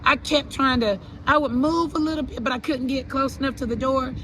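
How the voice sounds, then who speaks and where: A woman telling her own story to an interviewer in an earnest, halting way, repeating herself and restarting her sentences. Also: high voice, a bit bright, a little hiss or hum, poor audio. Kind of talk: personal account in an interview.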